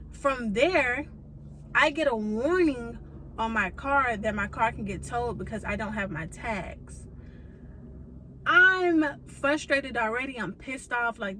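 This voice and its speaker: A woman's voice: on the high side, pushed and bright, slight background noise, low-quality recording. A young woman telling a car-trouble story in a vlog, venting with profanity and emphatic rhetorical asides. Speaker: vlogger.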